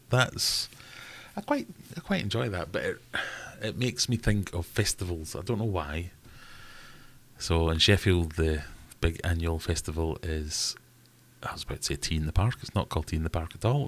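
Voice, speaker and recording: Deep-voiced Scottish man chatting live. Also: expressive, moderate pace. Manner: chatty, reads out viewer comments. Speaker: livestream host. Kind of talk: casual live Q&A chat.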